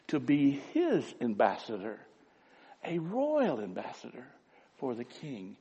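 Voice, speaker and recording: A man's voice: mid-range voice, unhurried, vocal fry, breathy edge, dull audio. A man preaching a sermon as pastor, talking animatedly. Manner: animated preaching, rising to shouts. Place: church sanctuary. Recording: long echo of a church hall.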